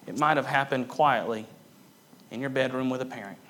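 A man preaching a sermon, swinging between loud emphatic bursts and hushed, quiet passages, repeating key phrases for emphasis. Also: medium pitch, a little fast, slight background noise. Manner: emphatic repetition. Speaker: pastor.

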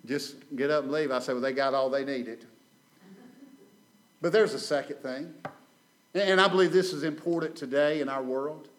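A male preacher delivers a sermon from a church pulpit. His voice sits high for a man. He swings from loud, ringing lines to hushed ones, doubles up phrases and calls on the congregation to answer. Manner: dramatic rises and drops in volume, repeats phrases, calls for amen. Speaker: guest preacher. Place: church sanctuary.

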